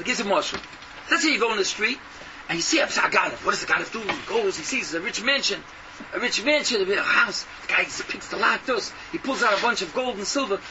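Heard from a distance on a noisy, lo-fi recording, a preacher delivers a fervent, scolding sermon full of rhetorical questions. His voice sits very high and swings widely.

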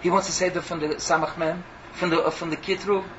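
A man preaching an animated sermon, mixing in Hebrew and phrases. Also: on the high side, quick pace, distant mic, lo-fi sound, slight background noise. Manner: excitable, mixes in Hebrew and Yiddish phrases.

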